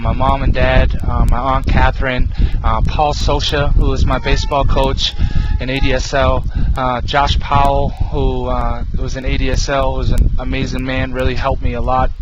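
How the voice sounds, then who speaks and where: An earnest young man with a Boston accent tells his religious testimony in a rambling way, stopping often to restart. His voice sits at an ordinary middle pitch. The sound is dull and lo-fi, with heavy background noise all around him. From Boston, Massachusetts. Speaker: video ministry host.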